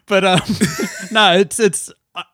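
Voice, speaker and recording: A man's voice: high-pitched, fairly even intonation, slow pace, sharp tone, no room sound, studio quality. A man with a New Zealand accent, a podcast guest joking and laughing through casual chat. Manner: laughing, self-deprecating banter.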